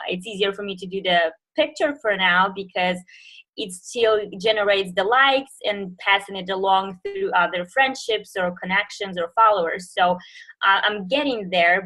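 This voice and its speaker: A woman with a bright, clear voice asks a question on a casual team call. She sounds hesitant and keeps searching for her words. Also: mid-range voice, normal speed, poor audio. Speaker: team member asking a question.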